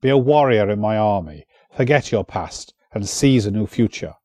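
A man's voice: lowish voice, animated, moderate pace, darkish tone, no echo, clean studio sound, natural voice. A man voicing a one-eyed, commanding warlord chieftain in a storybook reading, his voice raised and angry. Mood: proud, persuasive. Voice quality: furious, commanding.

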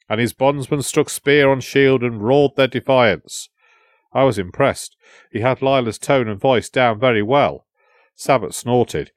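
A man reading a historical adventure novel aloud in a measured storytelling voice. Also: mid-range voice, no echo, clean studio sound. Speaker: audiobook narrator. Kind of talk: storytelling narration.

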